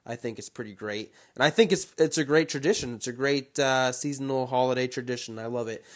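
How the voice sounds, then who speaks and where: A young man hosts his own podcast alone, speaking in an unscripted, rambling way. He gets worked up and animated as he rants, with an ordinary mid-range voice. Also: medium pitch, a little fast. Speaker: podcast host. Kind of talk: casual solo podcast chat.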